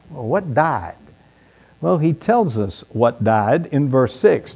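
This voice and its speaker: A man's voice: medium pitch, big pitch swings, slow, creaky, a little mellow. A man preaching a sermon, reading Bible verses aloud with dramatic emphasis and talking to the congregation in conversational asides.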